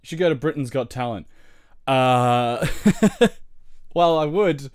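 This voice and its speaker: A man's voice: medium pitch, slow, smooth, dry recording, clean studio sound. A young Australian man chatting casually on a livestream while editing video, rambling with many fillers and frequent laughs.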